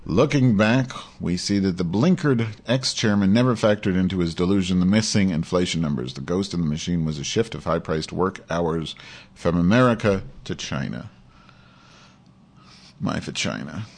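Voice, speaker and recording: Male host, very low voice, reads an article aloud with biting, foul-mouthed asides. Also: normal speed, darkish tone. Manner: sardonic, profane asides between read passages. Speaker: show host. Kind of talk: reading an article aloud with commentary.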